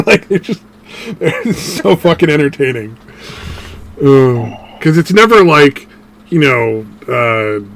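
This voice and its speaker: A man's voice: mid-range voice, measured pace, a little hiss or hum. Man ranting in profane podcast chat. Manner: animated, swearing, laughing at own jokes. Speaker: podcast co-host.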